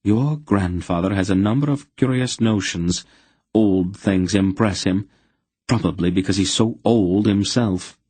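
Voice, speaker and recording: A man doing a calm, wise aunt. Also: fairly low pitch, unhurried, breathy edge, no room sound. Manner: calm, matter-of-fact, lightly dry. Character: calm wise older woman, protective aunt.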